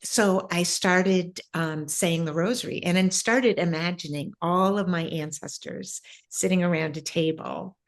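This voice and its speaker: A woman guest in an interview, telling a personal spiritual story in a reflective, halting way with many pauses and fillers. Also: fairly low pitch. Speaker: interview guest, ancestral healer.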